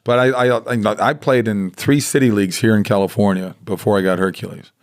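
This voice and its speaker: An American man in his sixties, a guest in casual chat, telling animated stories and acting out the voices of people he quotes. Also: lowish voice, brisk. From United States.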